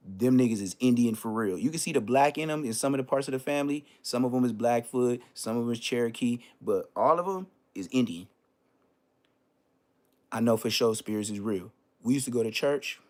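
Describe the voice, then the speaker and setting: A man hosting his own live stream, telling a story in a loose, profane way and jumping into high-pitched exclamations. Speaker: livestream host.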